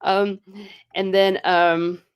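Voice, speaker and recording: A jet-lagged woman hosting a casual livestream, telling a story in an excitable way and acting out her own reactions. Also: medium pitch, drawn-out words, clean tone. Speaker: livestream host.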